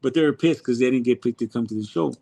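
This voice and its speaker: Gravelly man telling a story. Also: medium pitch, quick pace. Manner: swearing, animated storyteller. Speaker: guest, car show organizer. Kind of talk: casual storytelling.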